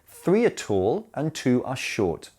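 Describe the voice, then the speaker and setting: A man narrating a scripted English grammar lesson, explaining slowly and clearly and speaking his examples aloud. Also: medium pitch, sing-song, darkish tone. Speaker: English teacher.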